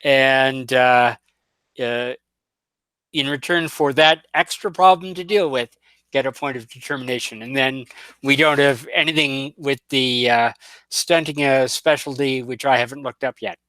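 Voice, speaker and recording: Male player, slow deliberate thinker full of uhs; crisp bright voice, dry. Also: medium pitch, no echo. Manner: halting, thinking aloud with many uhs. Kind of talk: tabletop game chat.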